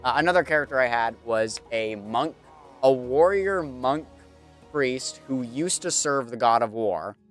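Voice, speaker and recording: A man's voice: mid-range voice, animated, a little slow, faint music behind. A man streaming a game, chatting casually and rambling with many fillers. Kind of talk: casual commentary while gaming.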